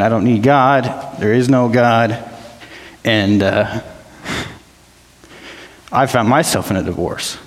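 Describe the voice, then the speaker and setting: Man, church testimony, halting emotional delivery, plain speech, long hall echo. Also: mid-range voice. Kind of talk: personal testimony.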